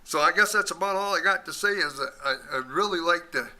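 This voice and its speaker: A man's voice: a little high, quick pace, sharp tone. A man giving public comment at a city meeting, blunt and frustrated, a little out of breath and repeating himself. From Michigan. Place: city council chamber.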